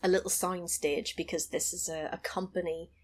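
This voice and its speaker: A woman on a podcast, chatting casually as she retells a film scene by scene, now and then jumping high to act out lines. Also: moderate pace. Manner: animated storytelling, acting out lines in a high voice. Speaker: podcast co-host recapping a film. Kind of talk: casual chat.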